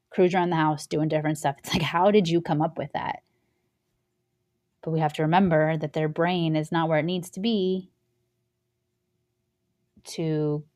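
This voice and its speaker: A woman's voice: sits low, a little mellow. A young woman hosting a parenting show, talking casually and acting out little scenes in different voices. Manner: chatty, acts out little scenes with changing voices. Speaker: parenting podcast host. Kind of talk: casual solo talk.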